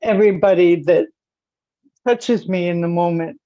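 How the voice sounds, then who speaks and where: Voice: mid-range voice, moderate pace, no room sound, highs cut off. A participant on a live video call, earnest and eager as they answer questions.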